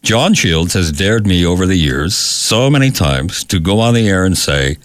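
Older radio newsman, low dry voice. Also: expressive, normal speed, hardly any pauses, fairly bright tone, no echo. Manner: dry, self-deprecating humor. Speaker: radio newsreader. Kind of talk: casual on-air farewell. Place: radio studio. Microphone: studio mic.

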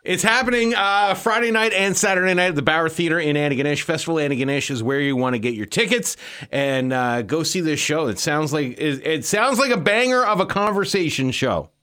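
A man with a somewhat high voice hosts a radio interview. He asks his questions conversationally and gives a friendly plug for the event. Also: a little fast, pushed and bright, clean tone. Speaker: radio host.

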